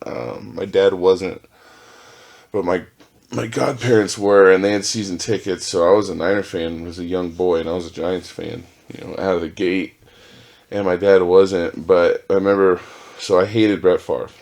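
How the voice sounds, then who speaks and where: Male podcast host, 30s, low voice, loose and profane solo storytelling that keeps restarting. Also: creaky, a little mellow. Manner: rambling, profane, self-interrupting. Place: home with dogs.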